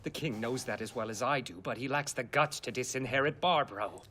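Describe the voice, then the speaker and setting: A man's voice: medium pitch, bright, forceful tone, slight background noise, close to an everyday voice. An actor playing a scheming noble lord who turns into a gushing, baby-talking father around his little son, in an English anime dub. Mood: exasperated. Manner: grave, measured in council. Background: music.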